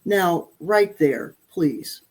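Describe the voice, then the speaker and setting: Woman, husky, blunt, emphatic, interview guest, acts out inner thoughts. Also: on the low side, expressive, drawn-out words, a little mellow. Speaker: parenting guest. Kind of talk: casual interview talk.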